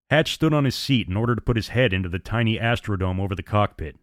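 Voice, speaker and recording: A man narrating an audiobook with steady, dramatic storytelling. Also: fairly low pitch, quick pace, hardly any pauses, dry recording, studio quality.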